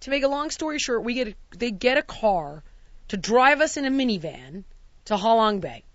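A woman's voice: fairly high pitch, very animated, moderate pace, no echo, dull audio. A woman in casual chat, telling a long travel story and acting out the quotes with exasperated outbursts. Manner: acts out quotes, shouting in exasperation.

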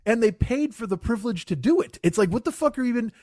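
Very high-pitched and quick, this man's voice comes through studio-clean with no room sound. He's a podcast co-host in casual chat, telling stories full of swearing and animatedly mimicking the people in them.

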